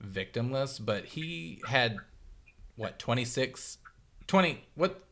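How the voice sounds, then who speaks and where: A man's voice: mid-range voice, lively intonation, slow pace, creaky, fairly bright tone. A man co-hosting a podcast in casual chat, rambling and searching for his words. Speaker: podcast co-host.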